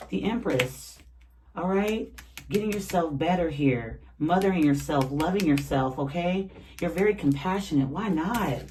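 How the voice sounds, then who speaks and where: A tarot reader giving a casual, animated reading straight to the viewers, talking in loose slang and laughing often. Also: medium pitch, slight background noise, poor audio.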